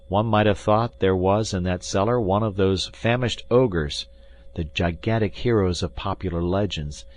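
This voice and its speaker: A man reading a classic adventure novel aloud as an expressive audiobook narrator. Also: sits low. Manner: expressive storytelling. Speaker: audiobook reader.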